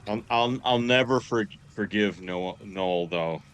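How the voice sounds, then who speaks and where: A man's voice: fairly low pitch, measured pace, fairly bright tone, slight background noise. A man in a casual podcast chat, earnest and stumbling over restarts. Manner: earnest storyteller, stammers on restarts.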